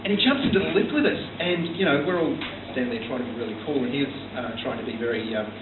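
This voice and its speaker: Australian man, first stand-up set, halting and dry, lo-fi distant bar recording with steady background noise. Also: mid-range voice, echoey room. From South Australia. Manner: hesitant, full of ums and restarts, dry storytelling. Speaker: first-time stand-up comedian. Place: small comedy bar stage. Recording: tinny distant room recording with hum.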